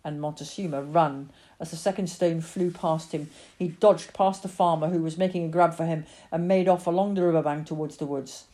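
A woman reading a story aloud as narrator, with expressive storytelling. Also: sits low, brisk, few pauses. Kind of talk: audiobook reading.

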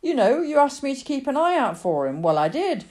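A woman's voice: high-pitched, sing-song, a little fast, darkish tone, pitched above the performer's own voice. A woman doing a kindly country neighbour. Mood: grave. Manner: earnest rural speech. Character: male neighbour, kindly, middle-aged, apologetic.

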